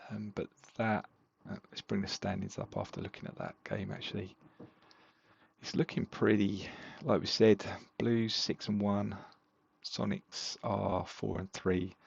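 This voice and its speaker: Man, husky voice, casual podcast talk, dull lo-fi sound. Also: on the low side, unhurried, dry recording. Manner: relaxed, rambling with fillers. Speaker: podcast co-host. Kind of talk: casual chat reviewing fantasy football games.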